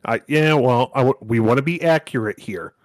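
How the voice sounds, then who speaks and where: A man's voice: medium pitch, moderate pace, no echo. A man co-hosting a podcast, blunt, sardonic and profane in casual banter. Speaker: podcast co-host.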